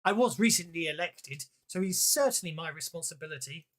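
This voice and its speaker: A man's voice: a little high, lively intonation, a little fast, a bit bright. A man voicing a polite, formal middle-aged mayor who speaks in a courteous, old-fashioned way. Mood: apologetic. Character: middle-aged male mayor, genteel and smooth-talking.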